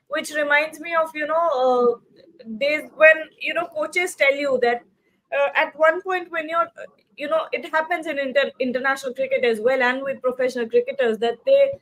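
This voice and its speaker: A woman with a high voice co-hosts a live cricket talk show. She talks in loose, rambling sentences full of fillers and restarts, and she reads viewer comments aloud. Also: fairly bright tone, low-quality recording. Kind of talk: live post-match discussion.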